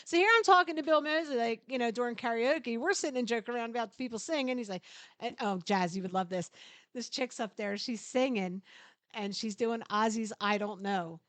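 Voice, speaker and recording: Animated middle-aged woman telling a story. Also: fairly high pitch, a little fast, dry recording. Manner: animated, laughing, swears freely. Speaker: podcast co-host. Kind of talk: casual storytelling chat.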